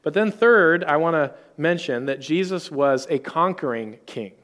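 A man's voice: on the high side, expressive, measured pace, a bit bright. Earnest man preaching a sermon. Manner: earnest teaching tone, quoting scripture.

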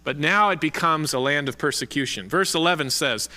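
A man's voice: a little high, sharp tone, faint music behind. Earnest preaching man in a reverberant hall. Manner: earnest preaching with slow emphatic stresses. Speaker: pastor. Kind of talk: sermon.

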